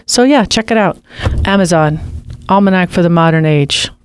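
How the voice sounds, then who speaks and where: An older woman hosting a casual radio talk show, her voice sitting a little low. She chats in an upbeat, gushing way and is quick to cheer her guests on. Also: clean tone, dry recording.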